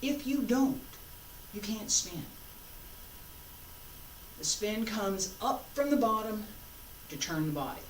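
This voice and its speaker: A woman teaching a martial arts class, counting students through moves and calmly correcting their form. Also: medium pitch. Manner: calm, deliberate, corrective coaching. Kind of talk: class instruction with counted cues. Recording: echoey room, distant mic, faint background noise.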